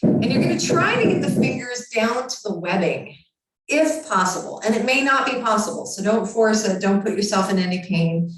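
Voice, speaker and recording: A woman's voice: mid-range voice, moderate pace. Echoey, distant woman guiding yoga. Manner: calm, encouraging step-by-step cues. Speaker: yoga teacher. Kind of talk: guided yoga instruction. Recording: very echoey room, far from mic.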